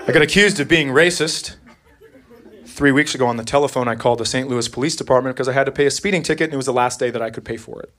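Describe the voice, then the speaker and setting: A man's voice: medium pitch, fast talker, over music. A man performing a stand-up comedy routine on stage, telling a story and slipping into character voices. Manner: animated storyteller who slips into character voices. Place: comedy club stage before a live audience. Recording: live club set with crowd laughter.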